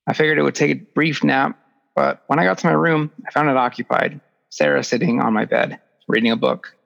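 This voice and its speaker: Gravelly young man reading a story. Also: medium pitch, steady tone, brisk, a bit bright. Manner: dry, sarcastic. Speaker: audiobook narrator. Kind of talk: first-person story reading. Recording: echoey, dull lo-fi recording.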